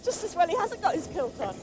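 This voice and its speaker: A woman as the game show's skyrunner, chattering excitedly as she races across a breezy Highland course outdoors. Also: moderate pace, heavy background noise. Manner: breathless, chatty, exclaiming at the scenery. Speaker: skyrunner on a treasure hunt game show. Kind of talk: excited on-location game show commentary.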